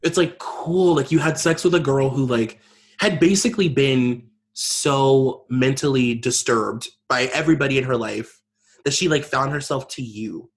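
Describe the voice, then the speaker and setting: A man's voice: medium pitch, normal speed, slightly rough. A man co-hosting a podcast, rambling sarcastically about celebrity gossip, swearing and saying "like" often. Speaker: podcast co-host. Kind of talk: casual gossip chat.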